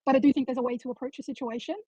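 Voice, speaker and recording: A woman calling into an online audio chat room, stammering a little while appealing for calmer talk. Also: high-pitched, rapid-fire, breathy edge, no room sound. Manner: hesitant, stammering, conciliatory. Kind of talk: measured appeal for calm. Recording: dull lo-fi audio.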